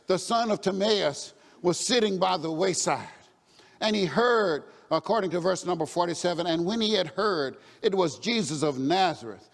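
A man with a high voice preaches a sermon in call-and-response style. At times he rises to a shout or a chanted refrain. The voice rings with long reverb in a church hall. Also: gravelly.

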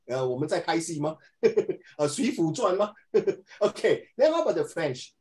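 Lively teacher, animated pitch. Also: male voice, moderate pace, low-quality recording. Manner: lively, playful, switching between English and Mandarin. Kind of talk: classroom discussion.

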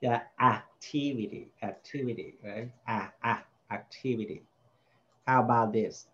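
A man's voice: medium pitch, steady tone, measured pace, a bit bright, dull audio. A man tutoring a child in spelling, patiently repeating each word and sounding out its vowels. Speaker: home tutor.

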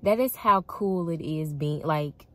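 A woman's voice: sits low, unhurried, pushed and bright, dry recording. A young woman telling a dating story to her viewers in a casual, chatty way, often laughing and calling them y'all. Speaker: vlogger.

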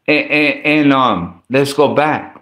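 A man's voice: medium pitch, slow pace, sharp tone. A man preaching in a loose, conversational way, often restarting his words and throwing in slang asides. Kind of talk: casual sermon. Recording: roomy echo.

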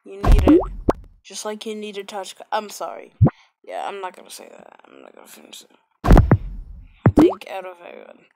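A woman's voice: medium pitch, sing-song, moderate pace, pauses often, very noisy. A woman giving casual, sarcastic gameplay commentary into a close mic, with sudden exclamations. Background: loud game music.

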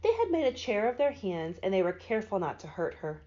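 A librarian reads a children's storybook aloud, her lively voice rising and falling through the narration. She sounds mid-pitched for a woman. The recording is dull and lo-fi. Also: a little fast. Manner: expressive.

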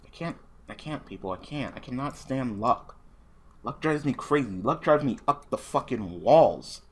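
An online card duel gets casual commentary from a male gaming host whose mid-range voice has lively intonation and a moderate pace. He curses nonstop, veering between mumbles and rants, over a faint hiss or hum.

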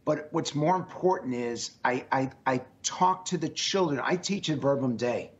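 A man's voice: medium pitch, expressive, normal speed, dull audio. A man speaking as a guest in an interview, earnest and emphatic, with a strained voice, often repeating his phrases. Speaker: pollster guest. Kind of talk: remote interview answers.

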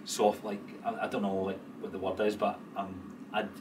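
A man's voice: on the low side, flat delivery, normal speed. A Scottish man co-hosting a podcast in casual chat. He swears freely and laughs as he talks. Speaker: podcast co-host. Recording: distant mic with clear background noise.

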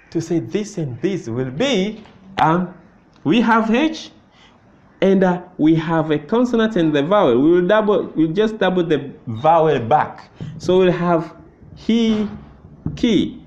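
Slow, lively Tanzanian man teaching. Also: high-pitched. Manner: slow, patient, repeats phrases and asks "you see that?". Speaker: Swahili teacher. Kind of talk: language lesson. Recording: muffled lo-fi recording.

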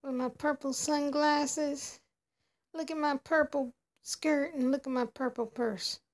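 A woman's voice: sits high, fairly even intonation, a little slow. A woman voicing a showy young female doll heading out clubbing, talking in a playful, show-off way. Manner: playful, showing off, chatty. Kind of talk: doll play narration.

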